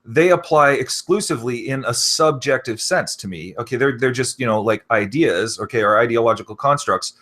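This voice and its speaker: A man's voice: mid-range voice, fairly quick, few pauses, fairly bright tone. A man talking in a rambling casual conversation, full of fillers like "you know" and "okay".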